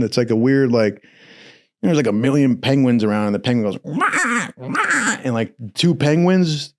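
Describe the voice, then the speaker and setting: A man telling a comic story in a casual, profane, animated way. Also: mid-range voice.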